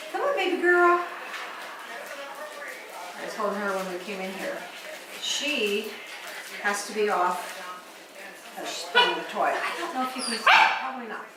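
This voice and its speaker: A woman breeder talking baby talk to a litter of puppies, coaxing and sing-song, her voice swooping up as she calls them. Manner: coaxing, sing-song, pitch swooping up when calling the dogs. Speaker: dog breeder showing a litter. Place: indoors with puppies and dogs. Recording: echoey room from a distance, loud noise.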